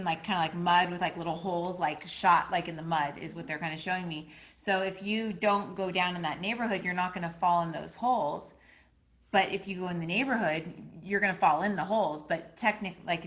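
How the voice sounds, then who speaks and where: A woman teaching a casual spiritual class, rambling with many filler words and jumping into lively quoted voices. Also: on the low side. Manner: animated, acting out quotes with a jumping voice.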